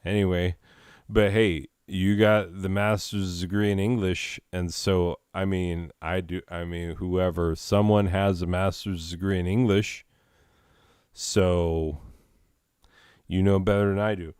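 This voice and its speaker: A man's voice: low voice, flat delivery, a little slow, darkish tone, smooth, no echo, studio quality. A man hosting a comedy show, rambling through improvised, self-mocking banter full of fillers.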